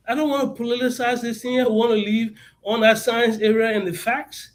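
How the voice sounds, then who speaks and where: A man's voice: very high voice, little pitch movement, a little fast, hardly any pauses, low-quality recording. A man with a Liberian accent speaking as a guest on a talk show, passionate and emphatic, often repeating words as he searches for them. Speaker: guest advocate. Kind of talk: impassioned talk-show interview.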